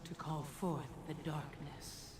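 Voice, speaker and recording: An actor voicing an unseen, ominous tempter in a video game, speaking with a slow, portentous delivery. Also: mid-range voice, flat delivery, slight background noise, natural voice. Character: ominous unseen tempter offering a dark stone. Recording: game voice line over loud music.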